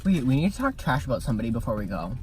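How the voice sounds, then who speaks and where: A woman's voice: rumbling low, big pitch swings, racing, a little mellow, slight background noise. A teenage girl in casual chat, trash-talking and laughing as she tells a story. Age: teens. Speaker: vlog co-host. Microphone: car camera.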